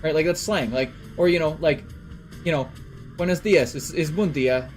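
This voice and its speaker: A man's voice: a little high, normal speed, soft background music. A young man from Canada chatting casually on a stream, rambling with lots of fillers and swearing. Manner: rambling, filler-heavy and profane. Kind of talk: casual chat.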